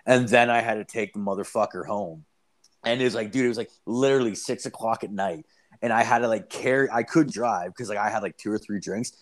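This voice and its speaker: A man's voice: fairly low pitch, fairly quick. A young man telling a story in casual, profane, rambling chat, full of fillers.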